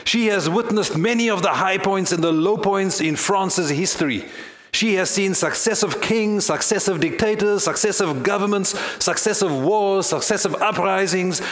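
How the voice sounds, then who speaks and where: A man's voice: fairly high pitch, a bit bright, echoey room. A man voicing an earnest French male philosopher in a put-on French accent, speaking in a solemn, declaiming way.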